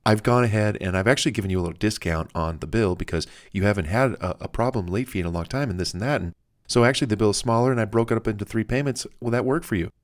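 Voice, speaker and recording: A man's voice: fairly low pitch, quick pace, lightly acted. A man voicing a friendly, helpful customer-service agent who speaks politely and appreciatively.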